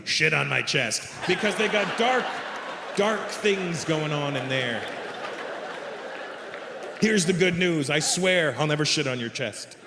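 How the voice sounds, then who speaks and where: A man's voice: on the high side, animated, takes it slowly, creaky, pauses often, bright, forceful tone. A middle-aged man performing stand-up comedy before an audience, telling a crude, profane story with exasperated asides. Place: live comedy venue with audience. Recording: live hall reverb, faint noise.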